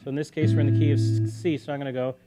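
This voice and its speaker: Relaxed man teaching guitar on a livestream. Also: medium pitch, very fast. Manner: loose and conversational, counts beats aloud while playing. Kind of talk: casual live-stream guitar lesson. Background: guitar playing.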